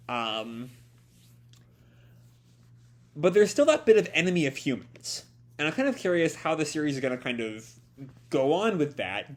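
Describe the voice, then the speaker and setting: A young man with a stuffy nose walks through a manga chapter in a live reaction. He sounds tired, and he rambles along with frequent ums and self-corrections. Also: medium pitch.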